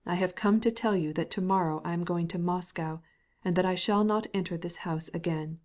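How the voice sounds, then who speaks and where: A woman's voice: fairly low pitch, a little fast, a little mellow, close to an everyday voice. A woman reading a cold, angry middle-aged husband with a piping voice who stammers in anger.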